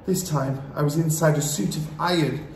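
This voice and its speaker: A man's voice: on the high side, normal speed. Man reading a storybook with drama. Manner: dramatic, expressive narration. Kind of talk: reading a children's book aloud. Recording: roomy echo, faint hiss.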